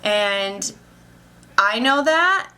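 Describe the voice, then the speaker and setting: A young woman vlogs about her day very slowly, her medium-pitched voice expressive, bright, and forceful. The casual clip is emotional and rambling, and the speaker, a vlogger and social worker, says "like" constantly.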